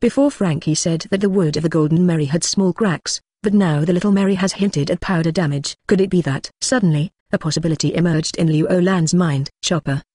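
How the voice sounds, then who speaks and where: Audiobook narrator, mid pitch, flat even read, dry close sound. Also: fairly quick, few pauses, no echo. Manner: flat, even reading that voices punctuation aloud. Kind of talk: scripted narration of a translated novel.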